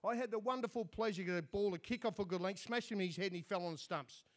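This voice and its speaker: A man's voice: high voice, racing. An Australian man telling comic stories as an after-dinner speaker, dry and self-mocking.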